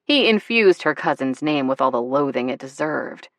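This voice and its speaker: A woman narrating a novel in a measured, expressive way. Her voice sits low, and the recording is dry and close with no room sound. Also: no room sound. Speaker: audiobook narrator. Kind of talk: scripted narration.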